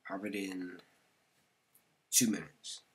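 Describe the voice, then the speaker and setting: A man's voice: low voice, fairly even intonation, slow pace, husky. A man narrating his gameplay casually, slangy and chatty, often muttering or whispering to himself. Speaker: gaming video creator.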